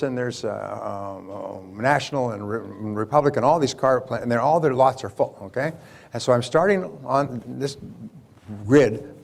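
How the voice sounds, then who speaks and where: A man giving a business seminar, telling a story in a lively way, asking the audience questions and putting on the voices of the people in it. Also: medium pitch. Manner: animated storyteller, acts out quoted voices. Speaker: seminar speaker.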